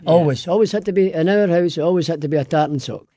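A man's voice: on the high side, fast talker, dry recording. A Scottish man from Scotland, a radio guest telling stories with good humor and frequent laughs. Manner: warm-humored, laughs often, storytelling. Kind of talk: radio interview.

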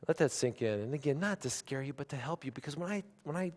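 A pastor in his forties preaching a sermon, shifting from hushed, intimate asides to loud, emphatic declarations. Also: a little high, quick pace, big-room sound. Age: 40s. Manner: animated preaching, swinging from quiet asides to loud emphatic lines.

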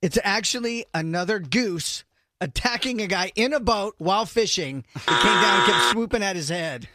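A man's voice: high-pitched, lively intonation, moderate pace, very noisy. A man co-hosting a casual podcast, revealing answers with laughing storytelling. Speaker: co-host running the game.

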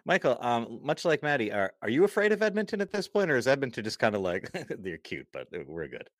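A man hosting a casual hockey podcast, animated and jokey, often laughing as he talks. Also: mid-range voice, fast, no echo, clean studio sound. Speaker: podcast host. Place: Massachusetts.

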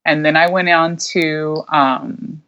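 A young woman with a low-pitched voice tells her story as an interview guest, chatty and quick to laugh, with plenty of fillers. The recording sounds dull and lo-fi. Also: steady tone, fairly bright tone. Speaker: guest, micro school founder.

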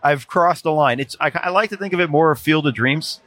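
A man guest on a casual sports podcast, telling animated anecdotes and often restarting his sentences. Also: a little high, brisk. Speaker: podcast guest, former NBA video coordinator. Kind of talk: casual storytelling chat.

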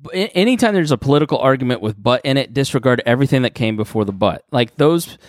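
A man's voice: mid-range voice, expressive, fast talker, no echo, clean studio sound. A man co-hosting a podcast, arguing his point earnestly in casual chat. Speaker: podcast co-host.

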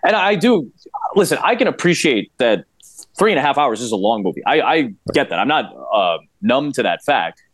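A man guesting on a podcast, talking about a film in an eager, casual way with many quick restarts. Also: medium pitch, sing-song, no room sound. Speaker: podcast guest, play-by-play broadcaster. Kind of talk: casual chat.

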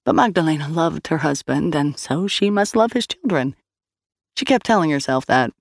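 A woman narrating a scripted story in an expressive, wry manner. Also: deep voice, moderate pace, creaky, no echo, studio quality. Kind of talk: scripted audio-drama narration.

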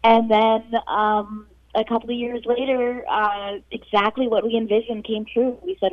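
A woman calling in to a radio show, speaking in a soft, emotional and halting way. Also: a little high, fairly even intonation, no room sound. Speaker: caller. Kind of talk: casual phone call. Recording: dry, muffled phone line.

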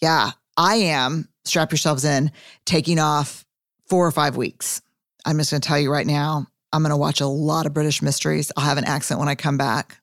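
A woman's voice: low-pitched, fairly even intonation, normal speed, no room sound, studio quality. A woman hosting a podcast in a casual, candid way, stretching out reflective phrases. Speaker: podcast host.

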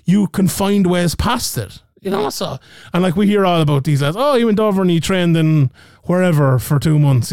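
A man with a fairly high voice co-hosts a casual podcast. He rants with energy and swears often. His voice is recorded close and dry. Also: fairly quick, no echo. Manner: animated, ranting, swears freely. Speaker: podcast co-host.

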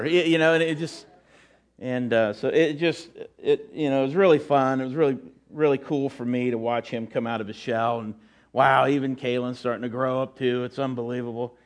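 A man's voice: mid-range voice, brisk. A middle-aged man preaching a sermon in church as pastor, telling folksy, rambling stories with many fillers and restarts.

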